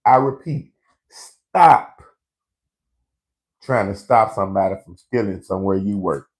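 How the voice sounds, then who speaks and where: A man's voice: low-pitched, fairly quick. A man hosting a live comedy show, ranting in a brash, profane storytelling way to online viewers.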